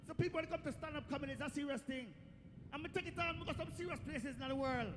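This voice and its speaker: A Jamaican man performing stand-up comedy on a festival stage, with a very high voice and loud, lively storytelling. The sound rings with a long echo, and faint noise sits under it. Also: racing.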